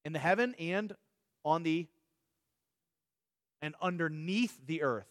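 A man's voice: on the high side, no echo, clean studio sound. A man teaching a Bible study in a conversational way, asking rhetorical questions, giving everyday examples and often restarting his words. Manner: frequent quick restarts and repeated words.

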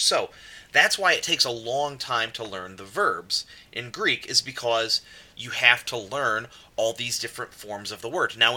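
A man's voice: medium pitch, pushed and bright. A man teaching a grammar lesson, explaining verb forms step by step and asking his students questions as he goes. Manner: explanatory, asks students questions, repeats examples.

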